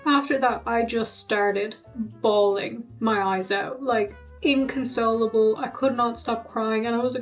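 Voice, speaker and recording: A woman's voice: on the high side, steady tone, moderate pace, soft background music. A young woman vlogging in a casual, chatty way, laughing often and poking fun at herself. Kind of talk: casual vlog chat. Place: at home.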